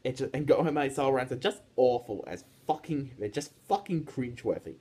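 A man's voice: mid-range voice, animated, fairly quick, darkish tone, slightly rough. A teenage boy ranting casually to his viewers, rambling with frequent restarts and repeated words. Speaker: YouTube ranter. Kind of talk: casual rant vlog.

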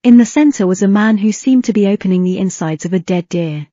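A woman narrating a fan fiction audiobook with a steady reading pace and an occasional slip. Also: mid-range voice, fairly quick, dry recording, highs cut off.

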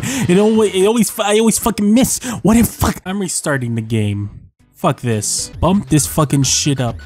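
Young guy cussing at a rhythm game, kinda high voice, game music faint in the back. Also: a little mellow. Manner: swears a lot, rants and repeats himself when losing. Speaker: gaming YouTuber. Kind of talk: profane frustrated gameplay commentary. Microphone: desk mic, sometimes moved away.

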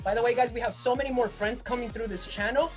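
A woman's voice: on the high side, steady tone, fast, a little mellow, faint music behind. A woman hosting a casual interview, asking questions in an upbeat, playful way. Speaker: host.

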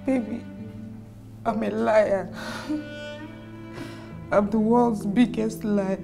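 A woman's voice: mid-range voice, steady tone, drawn-out words, creaky. An actress playing a remorseful mother who tearfully begs her daughter's forgiveness in a film drama. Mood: pleading. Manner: pleading, tearful apologies. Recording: film soundtrack music behind.

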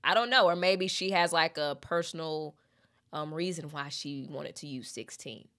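Young woman breaking down song lyrics, bright voice, real expressive and chatty. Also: deep voice. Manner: expressive, chatty, reads lyrics aloud slowly. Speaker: music reaction host.

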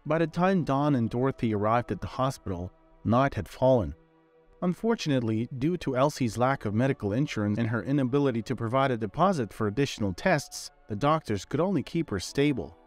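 Male storyteller, measured scripted narration, faint music bed. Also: medium pitch, darkish tone.

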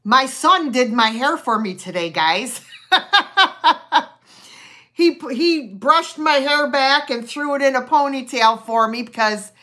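A middle-aged woman hosting a live online sale, chatting casually and rambling as she greets viewers by name. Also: on the high side. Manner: chatty and rambling, with many fillers and warm greetings.

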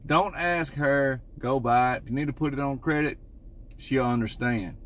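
A man delivering deadpan satirical marriage advice in a confident, mock-serious tone. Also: mid-range voice, normal speed. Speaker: comedy content creator.

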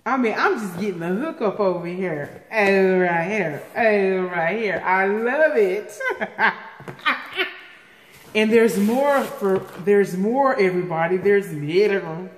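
A woman in a casual home vlog, unboxing fan mail at an unhurried pace. She gasps and repeats herself in delight. Her voice rings in an echoey room with long reverb and a faint hiss behind it. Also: mid-range voice. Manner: excitable, gasping, repeating herself. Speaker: vlogger opening viewer mail.

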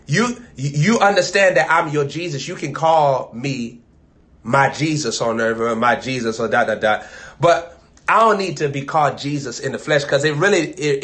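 An American man preaching a sermon, chanting and repeating phrases, swinging from loud to soft. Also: mid-range voice.

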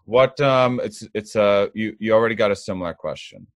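A man's voice: on the low side, no room sound. A man hosting a podcast, stumbling and restarting as he asks a question. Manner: halting, stumbling over his question. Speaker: podcast host. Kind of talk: conversational podcast interview.

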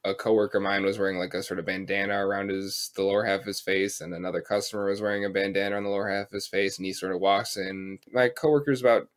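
An American man in his twenties co-hosts a casual podcast chat, telling rambling, profane stories full of fillers. He has a deep voice with a level tone and talks fast with few pauses.

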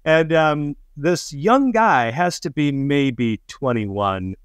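Animated man telling a story, dry close sound. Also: a little high, slow, clear, resonant tone, dry recording. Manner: animated, acts out quoted voices, laughs mid-story. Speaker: storyteller guest. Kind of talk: casual anecdote telling.

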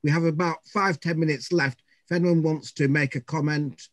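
A man's voice: on the high side, steady tone, normal speed, dry recording, studio quality. A man chairing an online lecture, politely thanking a speaker and inviting questions. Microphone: video call.

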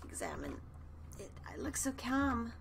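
Woman gamer, lively animated pitch, gravelly edge, jumpy and sweary, faint music behind. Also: a little slow, a little hiss or hum. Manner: excitable, jumpy, swears and shrieks at scares; reads game text aloud. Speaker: let's play gamer. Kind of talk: let's play commentary.

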